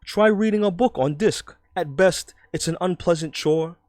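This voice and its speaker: A man's voice: high-pitched, normal speed, no room sound, studio quality, voice pushed up, lightly acted. A man doing a scoffing New York columnist. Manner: emphatic, dismissive, loud read-aloud. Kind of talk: dramatic reading in a put-on voice.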